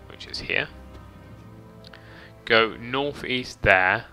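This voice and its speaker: A man's voice: fairly low pitch, steady tone, normal speed, gravelly, sharp tone. A man chatting casually as he streams a game, reading chat and swearing lightly, with faint game music behind. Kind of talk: casual gameplay commentary.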